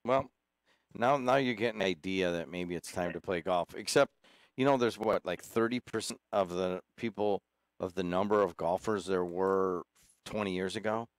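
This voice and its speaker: Low-voiced man hosting a chatty radio show. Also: moderate pace, dry recording. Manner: chatty, rambling, friendly teasing. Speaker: radio talk show host. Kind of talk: casual call-in chat. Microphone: studio microphone.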